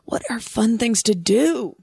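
A casual storyteller rambling through anecdotes with a wry edge, leaning on "like" again and again. The voice sits at a middling pitch and is recorded very dry, with no room sound at all. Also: expressive, a little slow, vocal fry, mellow, husky, no room sound. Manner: rambling, wry, heavy use of "like".

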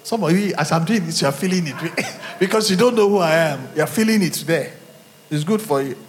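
Animated Nigerian pastor preaching in a reverberant hall. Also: male voice, fairly high pitch, a little fast, a little hiss or hum. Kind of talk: sermon. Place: church hall.

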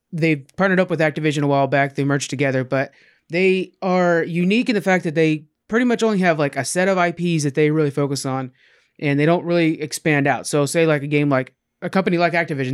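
A man's voice: a little high, smooth. A man co-hosting a casual gaming chat, laid-back and slangy, explaining things to listeners. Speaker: podcast co-host.

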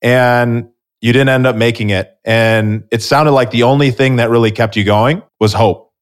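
A man's voice: medium pitch, fairly even intonation, normal speed. A man with a mid-range voice hosts a podcast interview. He speaks reflectively, summing up what his guest says. He leans on key points as he talks to listeners. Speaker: podcast host. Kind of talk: interview conversation.

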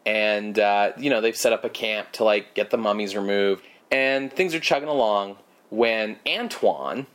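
A man's voice: on the low side, fairly bright tone. A man co-hosting a podcast, rambling through a movie recap with lots of fillers and sarcastic asides. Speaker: podcast co-host. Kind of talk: casual movie recap chat.

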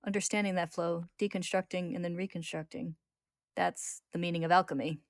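A woman's voice: lowish voice, steady tone, brisk, no echo, studio quality, close to an everyday voice. A woman reading as a determined teenage boy. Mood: reflective.

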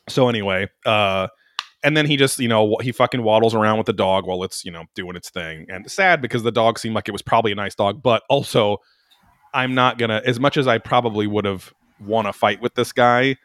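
A man telling a story in casual chat, animated, rambling and profane. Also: on the low side, a little fast, no echo, studio quality.

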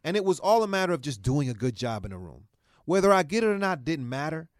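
A man, an actor guest, telling his story in a casual interview, animated and swearing freely as he acts out quotes. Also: fairly high pitch, fast talker, no echo, studio quality.

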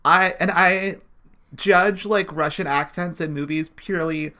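A woman's voice: lowish voice, steady tone, unhurried, sharp tone. A woman co-hosting a podcast, chatting casually with dry, wry remarks. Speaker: podcast co-host. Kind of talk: casual recap chat.

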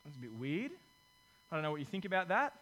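A male pastor preaching a sermon in a lively, conversational way, dropping in corny jokes. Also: fairly high pitch, quick pace, rough recording.

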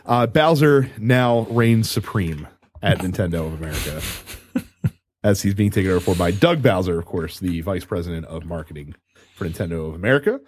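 A man's voice: low-pitched, expressive, normal speed, no echo. A man hosting a casual gaming podcast, running through news items conversationally with fillers. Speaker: podcast host.

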